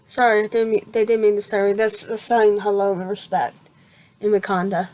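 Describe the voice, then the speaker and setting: A woman's voice: mid-range voice, little pitch movement, normal speed, darkish tone, natural voice. A woman voicing a polite, friendly teenage boy who apologizes and chats, in a storybook reading. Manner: apologetic, chatty.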